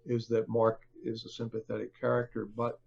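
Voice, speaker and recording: An older man, a book author, speaking as a podcast guest in a halting, conversational way with many fillers and restarts. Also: medium pitch, completely flat delivery, gravelly, darkish tone, muffled recording, slight background noise. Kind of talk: conversational interview.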